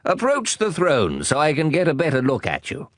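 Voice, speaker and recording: A man's voice: a little high, huge pitch swings, moderate pace, dry recording, clean studio sound, pitched above the performer's own voice. A man doing a pompous old king. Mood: commanding. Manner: grand, commanding, stiffly formal. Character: pompous elderly male king, proud, commanding.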